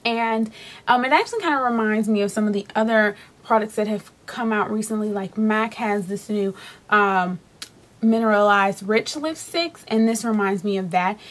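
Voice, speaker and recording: A woman's voice: medium pitch, normal speed. Chatty woman reviewing lipsticks. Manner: chatty, rambling, many fillers and restarts. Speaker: beauty vlogger. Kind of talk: casual product review.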